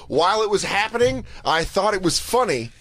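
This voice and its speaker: A man's voice: sits high, big pitch swings, fairly quick, a bit bright, no room sound. A man co-hosting a podcast, chatting casually and joking, often mimicking other people. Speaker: podcast co-host. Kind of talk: casual chat.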